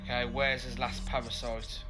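A man's voice: medium pitch, little pitch movement, moderate pace, loud music behind the voice. A man giving casual, sweary, sarcastic gameplay commentary into a headset mic. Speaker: let's play host.

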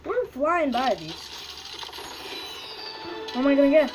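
High-voiced excitable woman gamer. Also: a little slow, long pauses, lo-fi sound, music in the background. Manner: excitable, chants names and squeals at drops. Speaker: gaming video host. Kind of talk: casual loot box opening commentary.

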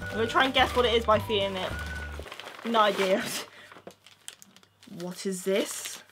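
A young woman vlogging as she unboxes fan mail, gushing and chatty with bursts of squealing excitement. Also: medium pitch, unhurried, over music. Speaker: YouTuber.

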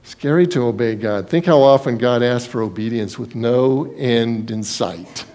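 A man preaching a sermon as pastor, telling Bible stories in a lively way and acting out the people in them. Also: mid-range voice, a little slow. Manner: storytelling, acts out Bible scenes in quoted voices.

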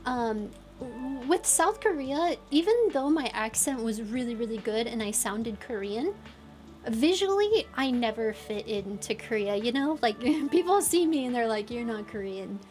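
A woman's voice: a little high, lively intonation, a little slow, a little mellow, faint music behind. A young woman streamer chatting casually and giggling, trying out British phrases. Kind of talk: casual chat. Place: lives in England.

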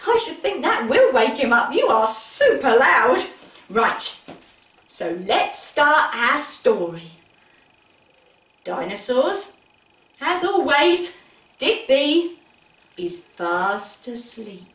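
A woman's voice: high voice, very animated, takes it slowly, long pauses, fairly bright tone, far from the mic. A woman leading a music session for toddlers, singing rhymes and telling a story in a coaxing, sing-song way straight to the children. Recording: echoey room, voice away from the mic. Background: guitar music.

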